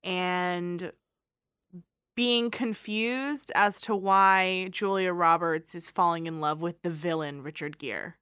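A woman's voice: fairly low pitch, slow pace, a bit bright, smooth, no echo, studio quality. A woman co-hosting a podcast in casual chat, trading wry, blunt quips. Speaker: podcast co-host.

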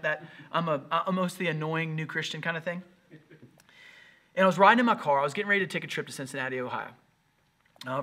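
Earnest man preaching with a bright voice. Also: on the high side. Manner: earnest, animated storytelling. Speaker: pastor. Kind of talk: sermon.

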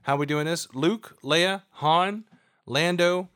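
Animated, laughing man in casual chat. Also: fairly high pitch, slow pace, no echo, studio quality. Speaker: podcast co-host.

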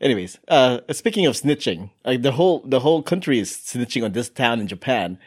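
A man hosting a relaxed podcast, talking in a casual, joking way. His pitch sits in the middle of the range and swings widely as he goes. He laughs easily and often restarts his sentences. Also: a little fast, breathy edge. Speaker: podcast host. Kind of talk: casual chat. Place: recorded in Halifax, Canada.

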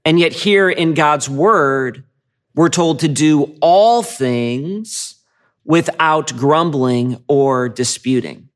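A pastor delivers a sermon in a casual, talky manner, his voice sitting a little higher than most men's. He often restarts phrases and repeats a word before pushing on. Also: slow. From Michigan. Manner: conversational, repeats words when starting phrases.

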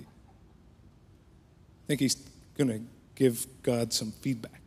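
A pastor preaching a sermon with passion, his voice rising for prayers and dropping low for quiet points. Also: steady tone, slow, long pauses, breathy edge. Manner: impassioned preaching that swells then drops to a hush. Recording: long hall reverb.

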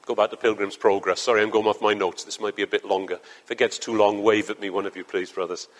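A man's voice: fairly low pitch, fast talker, few pauses. A man preaching a sermon to a congregation in church, earnest and building to fervent emphasis. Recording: long hall reverb.

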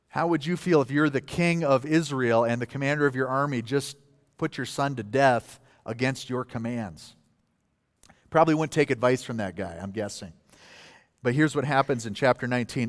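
Reverberant male pastor preaching. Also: a little high. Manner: conversational preaching, rising to forceful scripture reading. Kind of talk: sermon.

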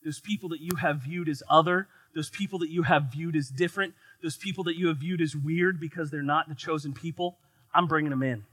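Solemn, patient God in a sermon retelling, lower and softer, dry and close, voiced by a male preacher. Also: fairly even intonation, fairly quick, dry recording. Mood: earnest.

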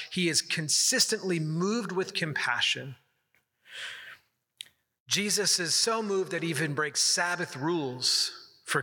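A man's voice: fairly high pitch, sharp tone, husky. A man giving an earnest, conversational sermon, telling stories from the pulpit. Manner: earnest, conversational preaching with storytelling. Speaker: pastor. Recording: long hall reverb.

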